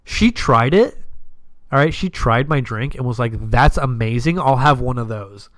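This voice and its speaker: A man's voice: mid-range voice, animated, moderate pace, fairly bright tone, dry recording. A young man hosting a podcast, telling a casual story in a rambling way, swearing freely and acting out what his friends said. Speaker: podcast host.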